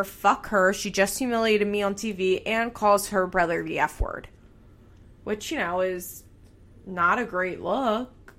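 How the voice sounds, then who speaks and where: A young woman recapping a reality show in a casual, animated way, peppering her talk with "like" and swearing freely. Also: medium pitch.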